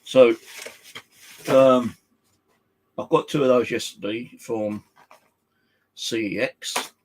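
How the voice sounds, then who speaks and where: A man's voice: medium pitch, noisy background. A man, talking casually to camera at home, rambling and swearing in an aggrieved way. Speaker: vlogger. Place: home flat indoors.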